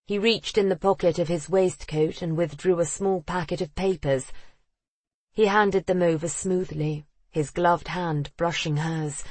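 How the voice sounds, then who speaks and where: An audiobook narrator reading a period romance in a steady, expressive storytelling voice. The tone is a little husky and breathy. The recording is dry and close, with no room sound. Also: medium pitch, measured pace, dry recording. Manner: expressive, acting out the characters.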